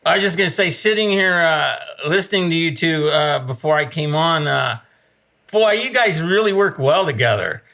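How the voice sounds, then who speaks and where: A man guest chats in an easygoing way, full of compliments to the hosts. His voice is raised a little in pitch, with a gravelly edge and a bright, forceful tone. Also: lively intonation, moderate pace. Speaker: podcast guest. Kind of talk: casual chat.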